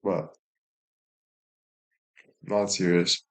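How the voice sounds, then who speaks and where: A man's voice: sits low, steady tone, extremely slow. A young man chatting casually on a live stream, thanking viewers and joking crudely with plenty of swearing. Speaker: livestreamer.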